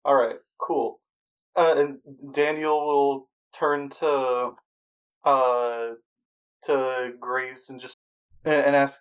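Casual player asking quick questions. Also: mid-range voice, little pitch movement, clear, resonant tone, low-quality recording. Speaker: tabletop player. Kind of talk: playing a tabletop role-playing game.

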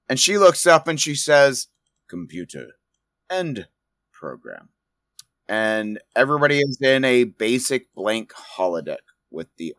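A man's voice: medium pitch, a bit bright, no echo, studio quality. A man running a tabletop game as game master, narrating casually and with some swearing.

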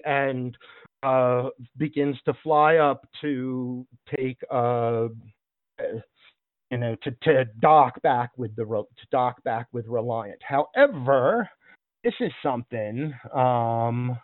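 A man's voice: mid-range voice, no echo. Man narrating a tabletop game over a phone-like line. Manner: rambling, many fillers and restarts. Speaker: game master. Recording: dry, phone-like online call audio.

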